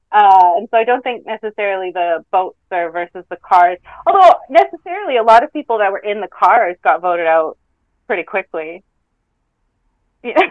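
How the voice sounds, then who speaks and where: A woman's voice: mid-range voice, animated, normal speed, dry recording. Chatty laughing woman guest, muffled lo-fi line, dry sound. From Canada. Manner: chatty, laughs often, rambling storytelling. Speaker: guest, reality show contestant. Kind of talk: casual podcast interview. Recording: dull lo-fi call audio.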